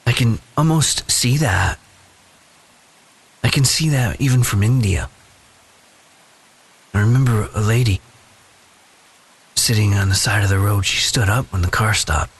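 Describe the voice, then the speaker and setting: Slow, low-voiced man reflecting. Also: slightly rough. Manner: slow, thoughtful, personal storytelling. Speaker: devotional speaker. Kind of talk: reflective Bible devotional.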